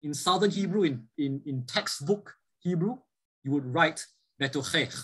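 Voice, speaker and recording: Husky-voiced man giving a lecture. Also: on the high side, moderate pace, a bit bright, low-quality recording. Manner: explanatory, often checks with "right?". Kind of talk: classroom lecture with student questions.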